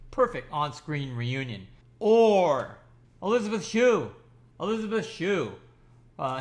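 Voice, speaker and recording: A man's voice: a little high, fairly bright tone. A man giving an enthusiastic, rambling movie review, talking casually with frequent restarts and fillers.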